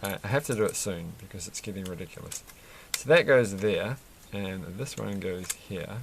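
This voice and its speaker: While building a Lego set at his desk, a Lego reviewer chats casually in a low, gravelly voice at normal speed. He rambles with lots of fillers and restarts, and the background is noisy.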